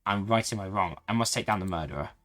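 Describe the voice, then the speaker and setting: A man voicing a brooding male hedgehog in a game, speaking low and grave. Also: fast talker, fairly bright tone, lightly acted. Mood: grim.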